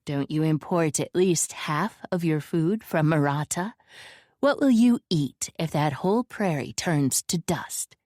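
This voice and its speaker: A woman's voice: low-pitched, measured pace, darkish tone, dry recording, studio quality. A woman voicing a cold, cutting noblewoman who lectures in a cool, logical way.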